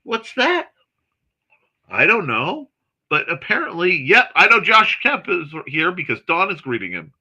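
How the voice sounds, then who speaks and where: A man hosting a morning livestream, chatting casually and reading viewer comments aloud in a chatty, excitable way with snarky asides. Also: a little high, moderate pace, slightly rough. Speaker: host of a morning livestream chat show.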